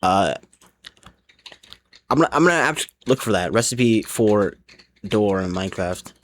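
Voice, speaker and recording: A man's voice: on the low side, expressive, moderate pace, slight background noise. A man streaming a game live, rambling along as he plays, often restarting his sentences and swearing, and a little drunk. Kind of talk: casual live gaming commentary.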